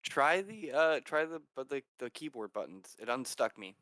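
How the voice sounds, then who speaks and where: A man at mid pitch chats casually while playing a tabletop game. He makes offhand, wry comments and quick tips to the others. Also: sing-song, a bit bright. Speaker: player.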